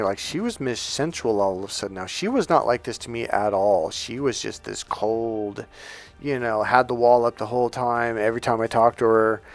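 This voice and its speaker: A middle-aged man who works as a dating coach, telling a personal story in a loose, profane, animated way and laughing along as he goes. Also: mid-range voice. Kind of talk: casual storytelling monologue.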